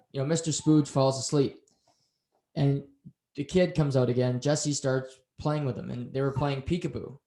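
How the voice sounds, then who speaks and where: A man co-hosting a casual recap podcast, telling the story beat by beat and slipping into the characters' lines. His voice sits at an ordinary middle pitch. The recording has a roomy echo around it. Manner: animated storytelling, acts out quotes. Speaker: podcast co-host. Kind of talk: casual show recap chat.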